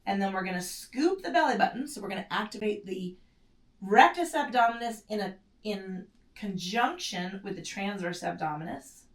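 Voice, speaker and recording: An echoey room and a distant mic frame this pilates instructor's mid-range voice, which has lively intonation and normal speed. She guides a mat class in a casual, self-correcting way, breathing in short strained bursts as she works through the moves.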